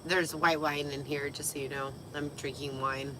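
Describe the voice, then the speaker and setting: A tipsy woman livestreaming from a parked vehicle, giggling, swearing freely and getting excitable, her voice partly lost. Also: deep voice, moderate pace, a little hiss or hum, poor audio. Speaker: livestream host. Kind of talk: tipsy casual livestream chat.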